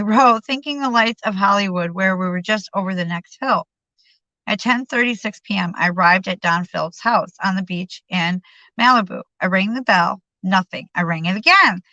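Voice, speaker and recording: Bright-voiced woman reading aloud. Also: medium pitch, no echo. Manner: stumbles and restarts over words. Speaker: reader. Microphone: streaming microphone. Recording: dull lo-fi sound.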